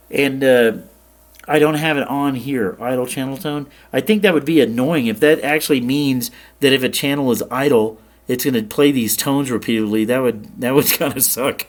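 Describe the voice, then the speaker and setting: A man hosting a radio programming tutorial, explaining settings in a plain, relaxed way and checking in with the viewer now and then. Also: medium pitch. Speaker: ham radio tutorial host. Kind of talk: casual screen-share tutorial.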